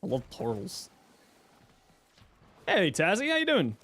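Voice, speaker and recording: A man talking on a casual live stream while he plays a game, with a slightly higher-than-usual voice that bounces up and down as he chats. He reads viewer questions aloud and answers them in an easygoing, jokey way. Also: wildly swooping pitch, measured pace, a bit bright, a little hiss or hum.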